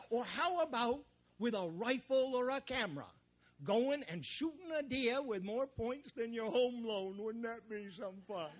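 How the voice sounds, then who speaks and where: A man playing a folksy tall-tale-telling woods guide, live on an outdoor festival stage. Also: extremely high pitch. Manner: folksy, chuckling at his own jokes. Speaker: storyteller.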